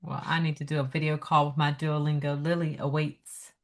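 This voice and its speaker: A woman co-hosting a podcast in casual chat, animated and playful, fond of mock accents. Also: low voice, fast. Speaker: podcast co-host.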